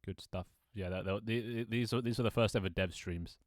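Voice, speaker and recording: Deep-voiced young man, rambling stream chat. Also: fairly even intonation, fairly quick, no echo, studio quality. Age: 20s. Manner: rambling, self-mocking, laughs often, swears casually. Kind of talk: casual live-stream chat. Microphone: desk microphone.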